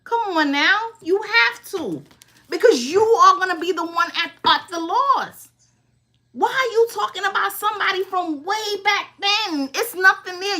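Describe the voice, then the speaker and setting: High, bright-voiced woman in her fifties. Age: 50s. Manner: emphatic, keeps asking if you follow. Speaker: tarot reader host. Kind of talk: casual advice talk.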